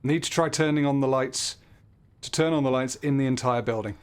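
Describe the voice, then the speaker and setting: A man's voice: mid-range voice, brisk, smooth. A man talking through a horror game as he plays, joking, jumpy and swearing when something startles him. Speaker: gaming channel host. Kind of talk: horror game let's play commentary.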